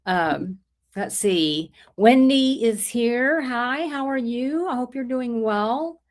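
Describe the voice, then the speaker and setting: A middle-aged woman with a soft drawl hosts a relaxed livestream, chatting loosely and greeting viewers one by one. Her voice carries a sore throat that she talks through. She rambles in a friendly way, with many small restarts. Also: on the high side, takes it slowly. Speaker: livestream host. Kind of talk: casual chat reading viewer comments.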